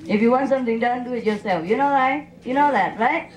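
A woman's voice: a little high, a little fast, poor audio. A woman spiritual teacher answering questions from a gathering in non-native English, playful and laughing often.

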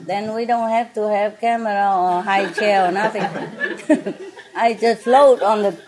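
Seated with her diners, the host of a restaurant jokes and laughs a lot, speaking non-native English mixed with some French. She talks at a medium pitch without hurrying, and crowd noise and clattering dishes fill the room.

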